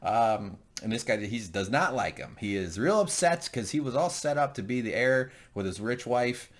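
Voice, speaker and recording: A man's voice: medium pitch, sing-song, normal speed. A man co-hosting a casual show recap, joking and rambling with lots of fillers. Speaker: podcast co-host.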